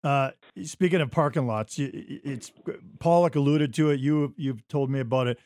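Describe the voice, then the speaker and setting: A man's voice: mid-range voice, normal speed, darkish tone, dry recording. A man hosting a podcast interview, asking questions and reacting with laughs. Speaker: podcast host. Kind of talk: casual interview.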